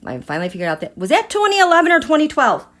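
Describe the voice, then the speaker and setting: A woman hosting a live tarot reading who talks straight to her viewers and swings between hushed asides and excited outbursts. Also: high-pitched, very fast. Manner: chatty, addresses viewers directly. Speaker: tarot reader and livestream host.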